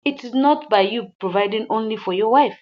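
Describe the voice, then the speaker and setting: A woman's voice: fairly high pitch, fairly quick, natural voice. A woman recounting an earnest, devoted man's words to a rival husband, repeating lines for emphasis, in a slightly dull lo-fi recording. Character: devoted younger man advising a rival husband.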